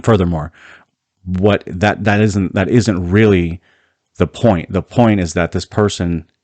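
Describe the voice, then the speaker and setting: A man with a very low voice delivers a heated, emphatic solo commentary, often restarting his sentences as he pushes his point. The sound is close and dry, with no room around it. He comes across as a host fired up about his topic. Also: steady tone, unhurried, a little mellow, no echo.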